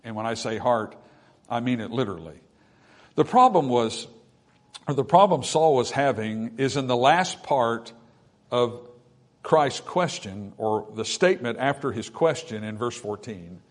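A man's voice: mid-range voice, lively intonation, measured pace. Man preaching with rising emphasis. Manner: preaching with swelling emphasis and folksy asides. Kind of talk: sermon.

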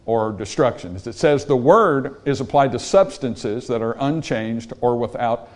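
A man's voice: medium pitch, a little slow. A man preaching a sermon from slides, emphatic, repeating words and putting questions to the congregation.

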